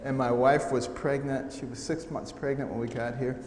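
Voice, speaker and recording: A middle-aged American man tells stories to an audience with a dry, humorous flair and a voice that is neither high nor low. His words echo around a large hall, with a faint hiss underneath. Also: moderate pace. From United States. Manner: humorous, animated storytelling with quoted voices. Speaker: speaker giving a testimony talk. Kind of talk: storytelling talk to an audience. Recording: echoey hall sound with faint noise.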